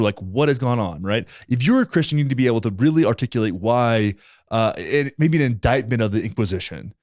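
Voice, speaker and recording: A man hosting a podcast, talking fast and in a blunt, heated way, swearing freely as he makes his point. His voice sits in a middling pitch. The sound is dry and close, with no room around it. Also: expressive, a little mellow, dry recording. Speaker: podcast host. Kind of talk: casual conversational podcast.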